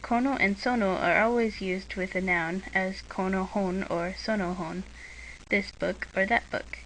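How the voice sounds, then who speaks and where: A woman reads a scripted language lesson in a bright, sharp voice. She stays deadpan, with a dry sarcasm slipped into the drills. A faint hiss of room noise sits behind her. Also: medium pitch, unhurried, low-quality recording. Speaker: language teacher reading a lesson.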